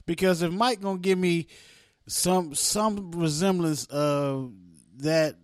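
A man's voice: fairly high pitch, slow, no echo, clean studio sound. A man hosting a podcast, laid-back in casual sports chat. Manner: laid-back, lots of laughing agreement. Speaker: podcast host.

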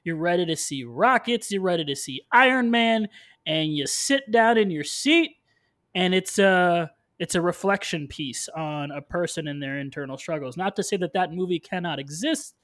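A man with a notably high voice talking films in a casual podcast. He argues a contrarian view and holds his ground against the others. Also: expressive, moderate pace, fairly bright tone. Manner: contrarian, argumentative. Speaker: podcast co-host. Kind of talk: casual film discussion.

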